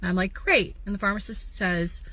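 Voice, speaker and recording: A woman's voice: fairly low pitch, lively intonation, a little fast, bright, forceful tone, no echo. A woman telling a wry personal story to camera, quoting a polite pharmacist. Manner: wry, quotes others in a polite voice.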